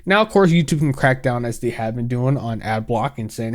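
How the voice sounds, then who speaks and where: A young man ranting sarcastically in casual commentary, exaggerated and quick to laugh. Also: mid-range voice, lively intonation. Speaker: gaming commentary youtuber.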